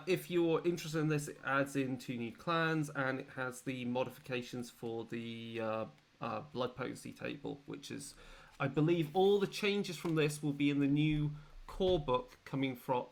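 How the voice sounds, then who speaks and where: This is a man hosting a tabletop game as its game master. His voice has a gravelly fry, and his pitch sits in the middle. He wanders through his introductions with plenty of ums and restarts. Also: fairly even intonation, normal speed. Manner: chatty and rambling, many fillers and restarts.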